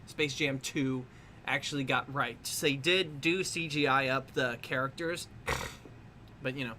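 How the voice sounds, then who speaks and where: Livestream artist, rambling chat, frequent laughs and swearing, tense bright voice. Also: mid-range voice, slight background noise. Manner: rambling, swears freely, laughs often, restarts lots. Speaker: artist livestreaming while drawing. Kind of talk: casual rambling stream chat.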